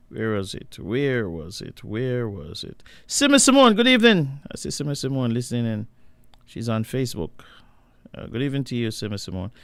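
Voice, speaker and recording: A Jamaican man hosts a relaxed live talk show, greeting listeners and laughing as he goes. His voice sits low and sounds smooth and resonant. The sound is dry and close. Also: dry recording. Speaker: radio show host.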